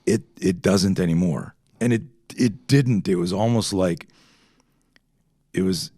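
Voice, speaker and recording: A man's voice: sits low, a little slow, dark tone, no room sound, clean studio sound. A man in his fifties, a podcast guest, telling rambling stories full of tangents and swearing in a casual chat. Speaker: podcast guest, self-defense instructor.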